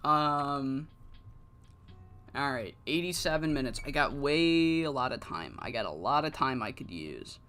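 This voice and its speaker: Slow-talking, rambling game streamer. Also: medium pitch, clean tone, soft background music. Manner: rambling, swears freely, bursts into excited rants. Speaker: streamer playing a wrestling management game. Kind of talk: casual gameplay commentary.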